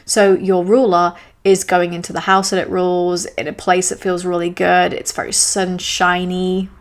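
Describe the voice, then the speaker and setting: A woman's voice: fairly low pitch, little pitch movement, moderate pace. A woman hosting a solo astrology podcast, talking in a chatty, enthusiastic way with self-aware asides.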